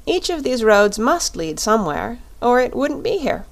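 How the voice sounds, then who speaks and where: A woman voicing the Shaggy Man, an easygoing wandering man, speaking low and matter-of-fact in a storybook reading. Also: very animated, normal speed. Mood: placid.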